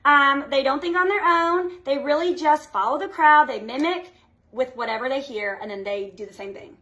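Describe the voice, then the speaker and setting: Team leader, woman, high voice, chatty and upbeat, keeps asking "okay?". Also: moderate pace, bright, forceful tone. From United States. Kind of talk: motivational live talk to her team.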